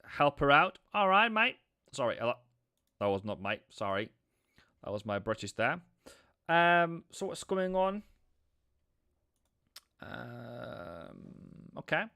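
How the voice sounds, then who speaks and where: Male streamer, chatty live trading talk, smooth clear voice, dry close sound. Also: medium pitch, expressive, slow, long pauses, bright, forceful tone, no room sound. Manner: chatty, repeats himself, answers viewers. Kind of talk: live-stream market analysis.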